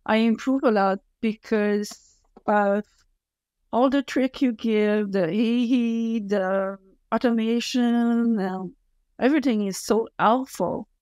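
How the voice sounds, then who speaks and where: Slow-spoken French Canadian woman in her fifties. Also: on the high side, steady tone, darkish tone, clear, resonant tone, no echo, muffled recording. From Quebec City, Canada. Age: 50s. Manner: blunt, emphatic, deliberate phrasing. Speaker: guest. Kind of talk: casual interview chat.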